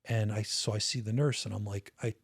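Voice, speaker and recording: A man's voice: fairly low pitch, fairly even intonation, fairly quick, breathy edge, no echo, clean studio sound. A middle-aged man, a retired state police officer, telling a personal story in a casual, candid podcast interview, swearing now and then and often restarting his sentences. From United States.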